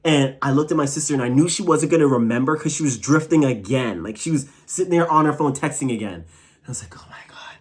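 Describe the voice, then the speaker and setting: A young man casually telling a long personal story to camera, animated and rambling, full of "like" and "bro". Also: mid-range voice, fast talker, hardly any pauses. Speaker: vlogger.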